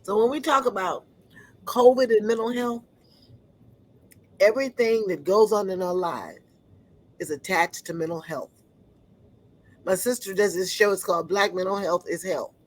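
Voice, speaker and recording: A woman giving an earnest personal testimony, often pausing to search for words. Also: medium pitch, rough recording.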